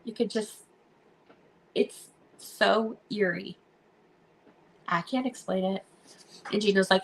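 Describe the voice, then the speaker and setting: A woman hosting a live stream, telling stories in a casual chat, animated and laughing often as she acts out what people said. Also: mid-range voice, measured pace, pauses often.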